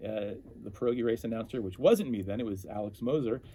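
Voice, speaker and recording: Fast-talking animated male storyteller. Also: on the low side. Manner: animated, self-interrupting storyteller. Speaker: interview guest. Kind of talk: casual storytelling.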